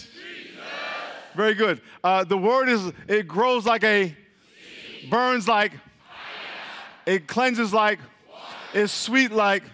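High-voiced preacher quizzing his congregation. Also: pushed and bright, slight background noise. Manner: repeats questions, quizzes the crowd, laughs often. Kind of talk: call-and-response Bible teaching. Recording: long hall reverb.

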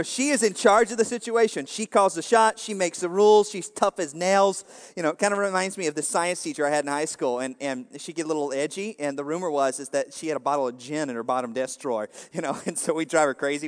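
Guy giving a loose funny sermon, lots of "you know", a bit high pitched, echoey hall. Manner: rambling, jokey, full of "you know" fillers. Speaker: preacher. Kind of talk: casual humorous sermon.

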